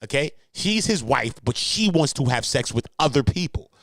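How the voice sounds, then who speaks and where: A male commentary host ranting in loose street slang and swearing freely. His voice sits at a middle pitch. The sound is dry, with little room echo. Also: very animated, moderate pace, fairly bright tone. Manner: brash, swearing, laughing, slangy. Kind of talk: casual commentary.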